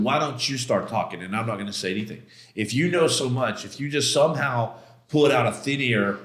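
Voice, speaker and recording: A man's voice: medium pitch, fairly bright tone. A middle-aged man, a podcast guest, tells a personal story with intense emotion. He talks in a casual, slangy way, acting out quoted exchanges and restarting his sentences. His mid-range voice rings with a roomy echo.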